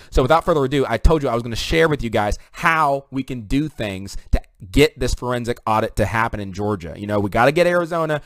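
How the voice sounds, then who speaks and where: A man hosting a political commentary vlog, talking rapidly and conversationally to his viewers. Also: medium pitch, dry recording. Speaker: online commentator.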